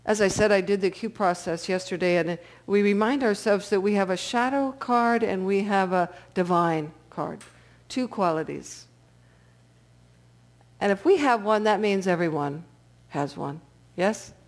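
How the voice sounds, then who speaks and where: A woman telling a story to a live audience in an engaging, conversational way. Her pitch sits in the middle for a woman, and she often pauses to check that her listeners are with her.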